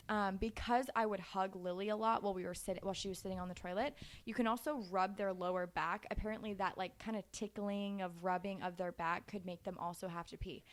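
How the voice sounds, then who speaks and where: A woman in her twenties giving casual, animated parenting advice in a chatty way, laughing easily. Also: mid-range voice. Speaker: parenting vlogger.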